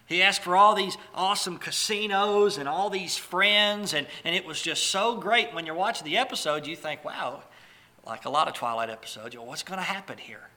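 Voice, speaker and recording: A man's voice: high-pitched, fairly quick, few pauses, pushed and bright. A man preaching a sermon in a conversational way, telling stories with small restarts and asides.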